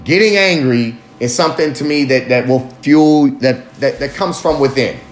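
A man in a casual personal monologue, candid and rambling, swearing freely and jumping up in pitch for emphasis. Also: normal speed. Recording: echoey room with faint ambient noise.

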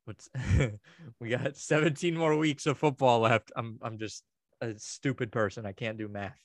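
Steady and measured, this medium-pitched male voice belongs to a podcast co-host in casual banter, recorded without echo. His talk is crude, full of joking rants and frequent swearing.

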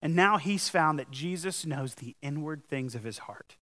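A man's voice: fairly high pitch, animated, moderate pace, a bit bright. A man preaching a sermon to his congregation in an earnest, conversational way, building to emphatic peaks. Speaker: pastor.

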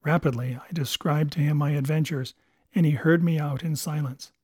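Mellow-voiced male audiobook narrator. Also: fairly high pitch, steady tone, normal speed, slightly rough, no room sound, studio quality. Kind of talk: scripted narration.

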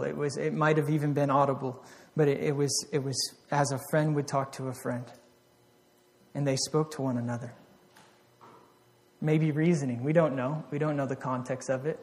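Earnestly preaching, a man moves from loud exhortation to quiet reflection, frequently restarting and repeating himself. His voice is fairly high, and a long reverb tail follows it.

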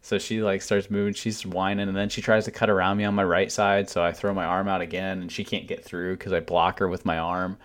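A man with a very low voice tells a story on a podcast, blunt and loose, dropping swear words without a second thought. The delivery is relaxed, conversational and unpolished. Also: brisk, few pauses. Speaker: podcast co-host. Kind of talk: casual profane storytelling.

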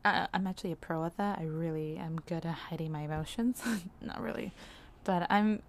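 A young woman talking candidly in a personal vlog, rambling a little, with frequent "like"s and soft laughs. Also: fairly low pitch, moderate pace. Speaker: vlogger.

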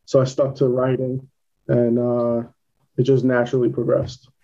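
A man with a clear New York accent speaks in a plain, matter-of-fact way, answering questions in a casual interview. His voice is mellow and warm. The recording sounds dull and lo-fi. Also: medium pitch, completely flat delivery, normal speed. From Queens, New York. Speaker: filmmaker guest.

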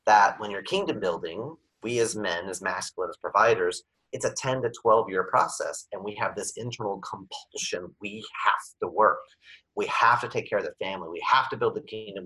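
A man talking as a podcast guest, animated, acting out little scenes with sudden bursts. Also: lowish voice, husky, poor audio. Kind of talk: podcast conversation.

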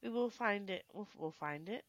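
A woman's voice: mid-range voice, expressive, no echo, dull audio. A young woman, co-hosting a casual podcast chat on a headset mic, laughing often and restarting her sentences. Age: young adult. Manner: giggly, talks in quick bursts with restarts. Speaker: podcast co-host.

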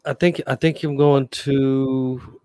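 A man's voice: medium pitch, flat delivery, takes it slowly, darkish tone, smooth, no room sound. A man on a podcast, rambling hesitantly, with lots of "like" and "you know". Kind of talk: casual chat.

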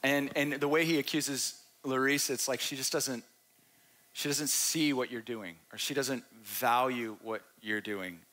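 A male pastor preaching in an earnest, conversational way, often repeating a phrase to drive it home. His voice sits at an ordinary middle pitch for a man. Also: fairly even intonation, a little slow, pushed and bright. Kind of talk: sermon. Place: church stage.

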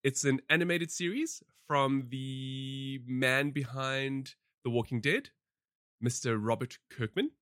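A man co-hosting a podcast, reviewing films and shows in a casual, animated way, with lots of fillers and restarts. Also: mid-range voice, slow pace, no echo, clean studio sound.

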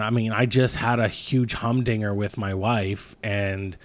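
A man's voice: lowish voice, steady tone, unhurried, no echo. Pastor guy in his 30s chatting, earnest, rambly, dry close mic. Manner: earnest, rambling, many restarts. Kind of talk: casual podcast chat.

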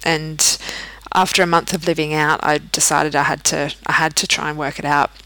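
A woman's voice: deep voice, little pitch movement, normal speed, bright, forceful tone, dry recording, low-quality recording. A woman, hosting a podcast and candidly telling her own story, often restarting her sentences. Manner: candid, frequent restarts and fillers. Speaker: podcast host. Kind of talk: personal storytelling.

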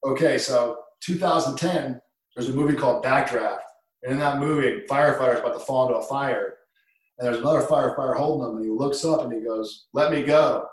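Male storyteller, former school dean, lively and dramatic, heard in a roomy space from a distant mic. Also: mid-range voice, a little fast. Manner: animated storyteller, swings from hushed to shouting. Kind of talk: casual storytelling in conversation. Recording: echoey room, distant mic.

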